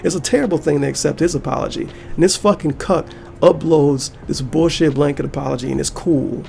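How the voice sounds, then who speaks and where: Male YouTuber, gravelly, fired-up reaction rant, heavy profanity. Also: fairly high pitch, a little fast, darkish tone, a little hiss or hum. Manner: heated, profane ranting. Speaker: YouTuber and streamer. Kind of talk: angry reaction commentary.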